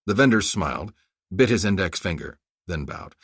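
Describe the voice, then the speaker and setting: A man reading a thriller audiobook aloud in an expressive narration. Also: sits low, normal speed, dry recording, studio quality. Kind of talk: scripted narration.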